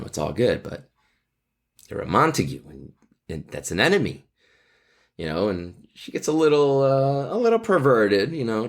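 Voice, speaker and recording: Man, podcast host and teacher, lowish voice, casual, joking, chatty commentary. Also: vocal fry. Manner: playful and chatty, with jokes and chuckles.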